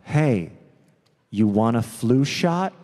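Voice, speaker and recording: A man doing a low, mumbling shady doctor. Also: lively intonation, slow. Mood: offhand. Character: paranoid shady male apartment doctor. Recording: live theater, long reverb, faint noise.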